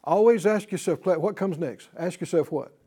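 A man's voice: high voice, normal speed, warm tone, breathy edge. A man teaching a Bible class, speaking emphatically, repeating his points and quizzing his students.

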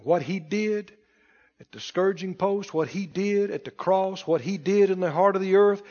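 A man preaching a sermon in call-and-response style, building to shouted emphasis. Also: high voice, normal speed, in a large hall, muffled recording. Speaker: pastor.

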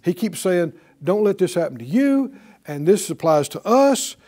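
A man's voice: high voice, very animated, moderate pace, dark tone. A man preaching a sermon, asking the congregation questions and acting out quotes. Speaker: pastor.

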